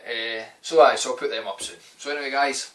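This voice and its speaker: A man's voice: medium pitch, steady tone, a little fast, fairly bright tone, far from the mic, a little hiss or hum, low-quality recording. A young Scottish man telling a story to camera in a rambling, casual way, swearing freely. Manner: rambling, heavy swearing, loose and conversational. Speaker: vlogger.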